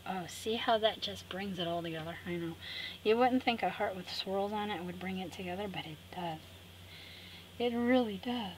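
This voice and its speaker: A woman's voice: medium pitch, normal speed, rough recording. A woman hosting a craft tutorial, chatting to viewers and talking herself through the steps with cheerful asides. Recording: clear background noise.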